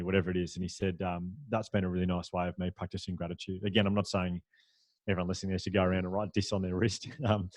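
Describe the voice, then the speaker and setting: A man, a podcast guest, telling a story in a lively, anecdotal way, with frequent restarts and fillers. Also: low voice, no echo. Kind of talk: storytelling in a conversational interview.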